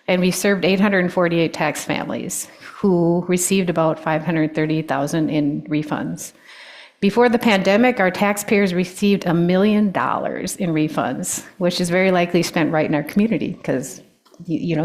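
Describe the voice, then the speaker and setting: A woman, an older guest speaker giving a personal talk with stories, often pausing with ums and restarting sentences. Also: fairly low pitch. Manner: warm storytelling, with frequent ums and restarts.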